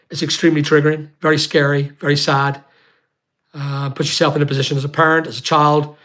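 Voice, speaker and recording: Emphatic man, slightly high voice. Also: a bit bright. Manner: emphatic and repetitive, with frequent pauses and fillers. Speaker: YouTuber on a livestream. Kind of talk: emotional personal account.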